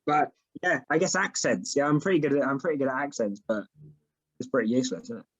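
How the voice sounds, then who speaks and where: A man's voice: medium pitch, lively intonation, fast talker, fairly bright tone, husky, muffled recording. A young man, a comedian guest, chatting in a rambling, self-deprecating way over a video call. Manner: rambling, self-deprecating, lots of "you know what I mean". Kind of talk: casual interview chat.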